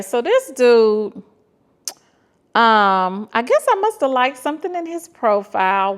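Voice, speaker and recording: A woman in her fifties with a Southern US accent, telling dating stories to her viewers in an animated, exasperated way, acting out bits of the dialogue. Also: mid-range voice. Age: 50s. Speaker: vlogger. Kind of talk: casual storytelling to viewers.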